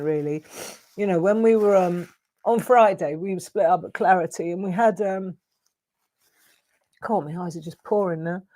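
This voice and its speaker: A woman's voice: mid-range voice, darkish tone. A middle-aged woman, chatting live to her viewers. Her talk rambles and she greets people by name from her home craft studio. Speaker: craft livestream host. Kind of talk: casual live chat to viewers.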